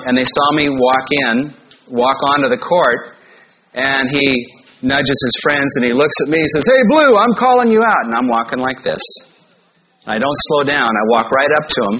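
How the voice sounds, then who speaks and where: A male pastor delivers a sermon, telling a personal story in an easy conversational way, speeding up and slowing down as he goes. The recording sounds slightly dull and lo-fi, with a faint hiss in the background. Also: medium pitch. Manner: conversational storytelling, shifting pace.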